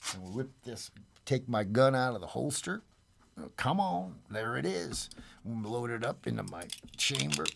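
A man's voice: mid-range voice, creaky, a little hiss or hum. A man hosting a community radio show in a loose, joking, rambling way. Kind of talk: casual on-air radio chat.

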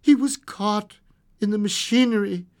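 A man voicing an uneasy visitor who brings bad news in a low, stammering voice. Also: a little slow, a little mellow. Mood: somber. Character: hesitant, uneasy male messenger of bad news.

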